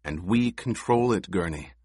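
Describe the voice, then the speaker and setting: Narrator doing a young leader, low, slow and commanding, dry close read. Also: male voice, lively intonation, husky, no echo, full character voice. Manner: clipped, quiet and commanding. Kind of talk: audiobook reading.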